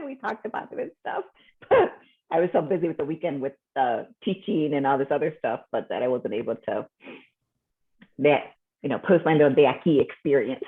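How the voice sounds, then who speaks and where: A woman's voice: low voice, breathy edge. A woman co-hosting a casual chat show, telling stories and mixing Spanish into her English, over a call. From Puerto Rican family, lives in Chicago. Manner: storytelling, mixes Spanish into English, laughs often. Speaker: co-host. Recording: tinny phone-like line.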